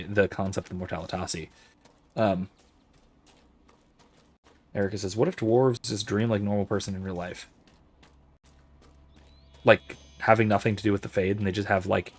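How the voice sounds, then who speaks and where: Lower-voiced man musing over his game. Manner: musing, thinks aloud with frequent restarts. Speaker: host of a let's-play and discussion series. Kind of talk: livestream commentary while gaming, reading out chat.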